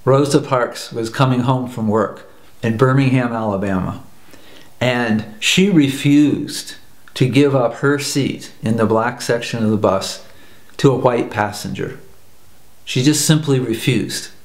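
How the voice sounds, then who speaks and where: Earnest male speaker from the US, mid pitch, roomy echo; storytelling teacher. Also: measured pace. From United States. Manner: earnest, repeats phrases for emphasis. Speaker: personal growth teacher. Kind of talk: spoken storytelling talk.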